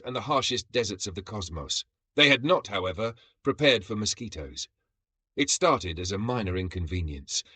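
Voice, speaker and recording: A man's voice: fairly low pitch, pushed and bright, husky, dry recording. A man narrating a sci-fi comedy story in a dramatic storytelling manner.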